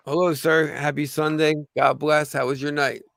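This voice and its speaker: A slightly hoarse man with a gravelly voice hosting a casual livestream, rambling with lots of fillers and restarts. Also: on the high side, level tone, moderate pace, fairly bright tone, no room sound. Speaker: livestream host.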